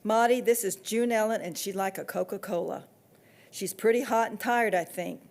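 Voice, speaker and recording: A woman voicing a kindly middle-aged man who runs a funeral home, speaking in a calm, folksy, reassuring way. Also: medium pitch, moderate pace, vocal fry, close to an everyday voice.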